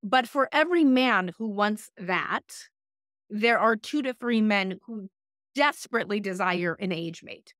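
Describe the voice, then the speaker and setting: A woman's voice: medium pitch, lively intonation, measured pace, fairly bright tone, dry recording, studio quality. A woman life coach giving direct, emphatic dating advice in a podcast interview, often repeating key phrases for emphasis. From United States. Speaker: life coach and relationship expert guest.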